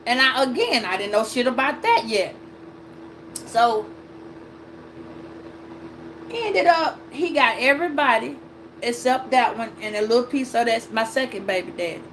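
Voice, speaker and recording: A woman's voice: a little high, expressive, a little slow, long pauses, a bit bright, a little hiss or hum, poor audio. A woman host telling a personal story in a casual rant, blunt and profane with emphatic retelling. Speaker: astrology and tarot channel host.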